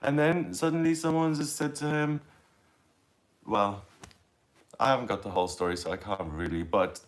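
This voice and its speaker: A middle-aged man chatting casually on a livestream, rambling, confessional and laughing at himself as he reads out viewer comments. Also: low-pitched. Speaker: tarot reader livestreaming.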